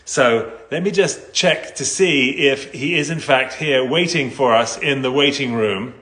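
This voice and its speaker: A man's voice: mid-range voice, a little slow, a bit bright. A man with an English accent hosting a casual live video chat, playful and teasing, laughing often. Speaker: host. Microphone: video call.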